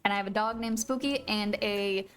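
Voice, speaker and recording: A woman's voice: mid-range voice, fairly even intonation, normal speed. A woman live-streaming a video game, chatting casually with viewers and gushing over her pets. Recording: faint music behind.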